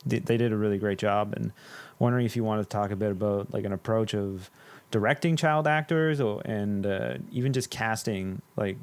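A man's voice: lowish voice, moderate pace, a little mellow, clear, resonant tone. A man hosting a podcast, asking questions with hesitant fillers. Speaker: podcast host. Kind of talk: podcast interview.

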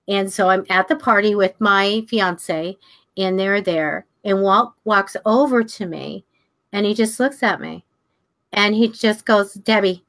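An older woman co-hosting a psychic talk show, telling stories in a casual, animated way, acting out the voices of people in them and laughing often. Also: mid-range voice. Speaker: psychic radio show co-host. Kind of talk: casual storytelling chat.

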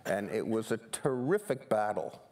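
An older man from New York City, telling stories on stage as a guest photographer, animated and self-deprecating, often restarting his sentences. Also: fairly low pitch, normal speed. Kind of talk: humorous stage conversation. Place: seminar stage before an audience.

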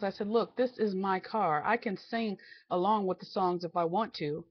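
A woman vlogger telling a rambling, exasperated story about her family, quoting each exchange in quick back-and-forth. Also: medium pitch. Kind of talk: casual storytelling rant. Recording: slightly dull lo-fi home recording.

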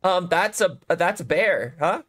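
A man streaming a game, chatting casually and getting excitable, with playful sound effects. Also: sits high, measured pace, no room sound, studio quality. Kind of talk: casual gaming chat.

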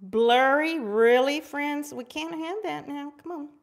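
A woman's voice: sits high, measured pace. A middle-aged woman hosting a live craft stream, bubbly and chatty, calling her viewers friends. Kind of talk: casual live craft demo chat.

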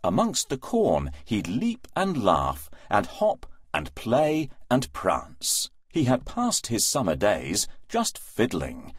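Slow, expressive male storybook narrator. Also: fairly low pitch, breathy edge, no room sound, studio quality. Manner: sing-song and expressive.

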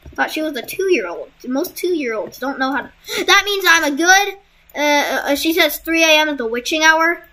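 A young woman casually commenting on a game she is playing, laughing and reacting out loud. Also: high voice, expressive, moderate pace. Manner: giggly, exclamatory, reacting out loud. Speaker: gamer.

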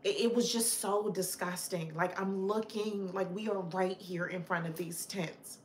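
Slow-talking, passionate woman host. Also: medium pitch, steady tone, reverberant, slight background noise. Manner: passionate, opinionated, earnest; chatty, with frequent "like" fillers and restarts. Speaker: livestream host chatting with viewers. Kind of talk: casual live chat.

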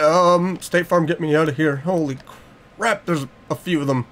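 A man's voice: a little high, moderate pace, fairly bright tone. A young man, giving a jokey, nervous running commentary as he plays a horror game. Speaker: gaming YouTuber.

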